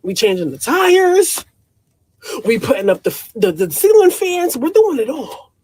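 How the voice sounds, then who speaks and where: A woman with a deep voice and a New York accent, ranting bluntly and profanely outdoors in a storm. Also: big pitch swings, a little slow, darkish tone, rough recording. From New York City. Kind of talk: ranting to camera.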